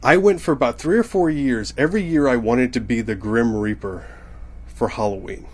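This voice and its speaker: A man's voice: mid-range voice, moderate pace, a little mellow, slightly rough. A young man rambling through a comedic monologue, often cutting himself off and laughing at his own jokes. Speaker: comedian podcaster.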